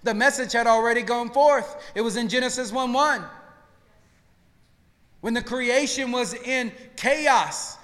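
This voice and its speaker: A male pastor delivers a sermon in a very high, bright voice. He moves between quiet, low passages and loud, shouted peaks. The long reverb of a large sanctuary trails every phrase. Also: unhurried. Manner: preaching with swings between hushed and shouted lines. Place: church sanctuary.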